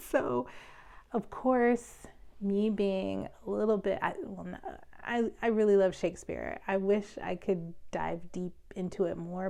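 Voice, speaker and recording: A woman's voice: medium pitch, gravelly, a little mellow. A woman giving a casual tarot reading, chatty and rambling, often breaking into laughter. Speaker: tarot reader.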